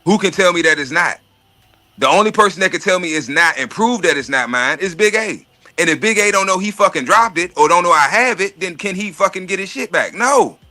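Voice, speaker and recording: Guy chatting casual, lots of cussing, bright edgy voice, keeps repeating himself mid thought. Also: high voice, expressive, brisk. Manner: profane, streetwise, repeats words when thinking. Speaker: podcast host. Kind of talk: casual chat.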